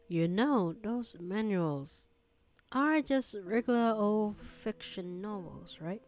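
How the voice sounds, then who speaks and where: A woman's voice: medium pitch, lively intonation, takes it slowly, darkish tone, faint music behind. A young woman doing voice acting practice, reading her heroine's lines in a dry, sarcastic, casual way. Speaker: hobby voice actor reading a romance script.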